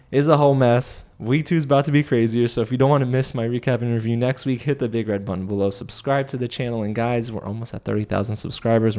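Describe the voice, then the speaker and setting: A man hosting a casual reality-show recap from a studio set, talking in an animated way and acting out lines in other voices. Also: mid-range voice. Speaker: TV recap host.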